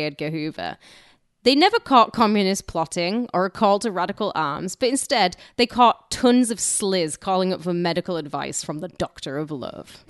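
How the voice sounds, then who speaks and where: A woman's voice: fairly low pitch, clear, resonant tone, no echo, clean studio sound. A woman co-hosting a podcast, telling a history story with irreverent, crude jokes and frequent laughs. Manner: laughs often. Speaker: podcast co-host.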